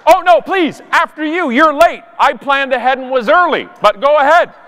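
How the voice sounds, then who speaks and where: A man's voice: lively intonation, normal speed, fairly bright tone. A man putting on an overpolite, sarcastic voice as a fed-up traveller in a queue. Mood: passive-aggressive. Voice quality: sarcastic, shrill.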